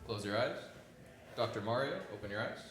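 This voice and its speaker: A man moderating a live social deduction game, calling out the phases with steady, instructive calls. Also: lowish voice, a little fast, soft background music. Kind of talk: running a live party game. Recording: roomy, distant, noisy.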